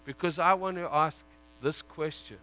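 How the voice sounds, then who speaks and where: Impassioned male preacher, bright voice. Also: fairly high pitch, normal speed. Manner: swings from loud pleading to hushed, intimate prayer. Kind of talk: sermon.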